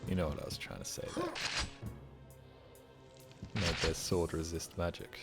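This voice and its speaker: A man's voice: low-pitched, fairly even intonation, normal speed, gravelly, loud music behind the voice. A man streaming a video game, chatting casually with a goofy, self-mocking manner and plenty of swearing. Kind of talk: casual gaming stream commentary.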